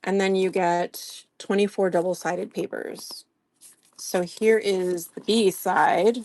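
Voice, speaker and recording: A woman talks slowly and warmly to her live-stream viewers, greeting them by name and gushing softly. Her voice sits a little low. The sound is dry and close, with no room around it. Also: no room sound. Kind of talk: casual live-stream product showing.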